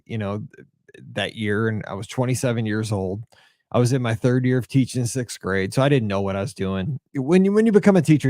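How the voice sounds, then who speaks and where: A man's voice: medium pitch, darkish tone, dry recording, studio quality. A man in his forties hosting a solo podcast, chatty and sentimental, rambling through feedback and memories. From Midwest of the US. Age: 40s. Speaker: podcast host.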